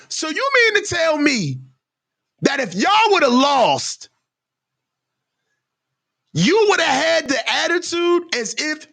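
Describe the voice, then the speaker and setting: A man with a high voice that swings wildly up and down, giving live sports reaction commentary. He rants in heated, slangy bursts as the host of a football reaction stream. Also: very animated, unhurried, sharp tone.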